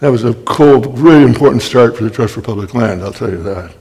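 An older man, a guest speaker, telling wry anecdotes in a storytelling talk and clearing his throat often. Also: mid-range voice, a little fast, darkish tone. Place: library talk hall. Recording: long hall reverb.

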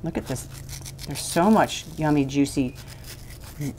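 A woman with a notably low voice talks through a recipe in a kitchen. She rambles and laughs easily, with a little faint noise behind her. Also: unhurried. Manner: chatty, rambling, laughs often. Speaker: cooking show host. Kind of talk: casual cooking demonstration.

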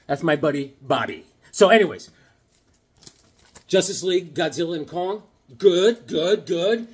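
A man's voice: high-pitched, lively intonation, a little slow, husky. A middle-aged man vlogging about comic books in a rambling, casual way, often acting out the voices of people in his stories.

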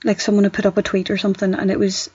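Northern Irish woman podcast co-host, breathy mid-pitched voice, chatty and animated, muffled sound. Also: rapid-fire, no echo. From Northern Ireland. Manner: rambling, animated storyteller. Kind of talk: casual chat.

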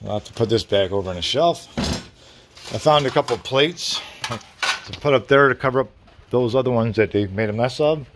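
A man's voice: medium pitch, normal speed, long pauses, fairly bright tone, a little hiss or hum. Chatty middle-aged man in his garage. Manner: rambling, chatty, mild cursing. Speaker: garage vlogger. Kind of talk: casual workshop chat. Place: home garage. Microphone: phone camera.

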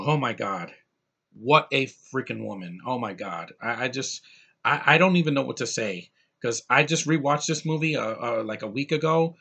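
Male movie reviewer, casual vlog delivery, excitable and gushing, trips over his words, middle-of-the-road pitch. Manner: excitable, gushing, rambling with restarts.

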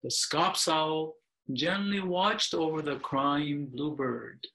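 A man's voice: on the high side, pushed and bright, rough recording. An older man, a Buddhist minister, reading a picture book aloud within a sermon and stopping now and then to explain it. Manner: slow, with pauses to explain.

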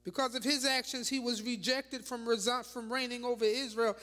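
A woman bishop delivers a lively, dramatic sermon, throwing rhetorical questions at her congregation. Her voice sits high and sounds bright and sharp. It rings out with a long reverb through a large church hall. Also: normal speed. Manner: animated, dramatic preaching with rhetorical questions and laughing asides. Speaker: bishop preaching.

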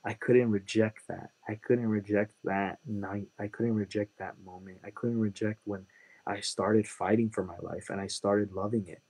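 A man's voice: fairly low pitch, fairly even intonation, normal speed, darkish tone, husky. A man from Chicago, a guest telling an emotional personal testimony in an earnest way and repeating phrases for emphasis. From Chicago, USA.

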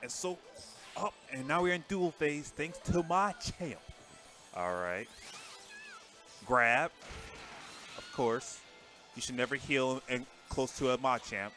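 A man giving live, casual commentary on a fighting game tournament, excitable and chatty, jumping between loud outbursts and low mutters. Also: slow, long pauses, soft background music.

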